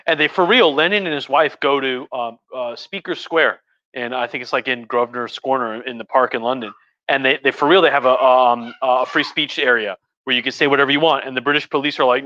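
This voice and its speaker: A man's voice: mid-range voice, a little fast, sharp tone, no echo. A tipsy man hosting a casual history livestream from home, crude and profane, rambling with restarts. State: tipsy from wine. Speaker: host. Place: home room. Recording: dull, muffled audio.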